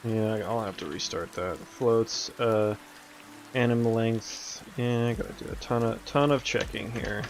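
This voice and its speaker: A young man streams his game development, talking casually while he codes, rambling in a laid-back way and frequently cursing and laughing. His lowish voice runs a little slow, with slight background noise.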